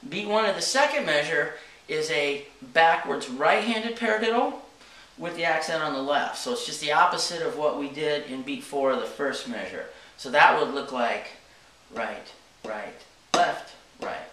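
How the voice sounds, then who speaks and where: Guy teaching drums, kinda high bright voice, keeps saying okay, sounds off-mic in a roomy studio. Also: lively intonation, normal speed, recorded from a distance. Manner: explains step by step, checks in with frequent "okay?". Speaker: drum teacher. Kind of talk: casual instructional talk. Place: drum studio. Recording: echoey room from off-mic.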